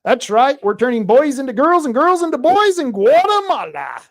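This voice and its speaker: A man's voice: very high-pitched, very animated, moderate pace. A man hosting a talk show, giving a sarcastic, crude, ranting commentary monologue.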